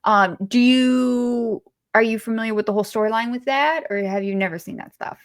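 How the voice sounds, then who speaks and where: A woman's voice: a little high, fairly quick. A woman co-hosting a podcast, chatting casually about a movie, rambling with fillers and restarts. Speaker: podcast co-host.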